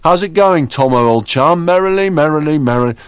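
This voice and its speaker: A man voicing a boisterous, theatrical male adventurer who talks loudly and in a bouncy sing-song way. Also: medium pitch, sing-song, normal speed, no room sound, voice pushed up, lightly acted. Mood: cheery, loud. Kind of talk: audiobook character voice.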